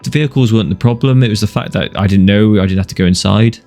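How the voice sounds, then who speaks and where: A man's voice: lowish voice, quick pace, a little mellow. A man giving casual, profane, joking commentary while playing a video game and talking back to it. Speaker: gamer streamer. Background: game music.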